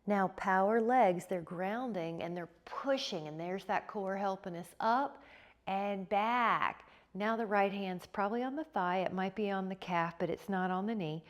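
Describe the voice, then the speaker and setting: A woman teaching a yoga class, giving calm, encouraging cues with repeated prompts to breathe. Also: medium pitch, measured pace. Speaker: yoga instructor. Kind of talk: guided yoga class instruction.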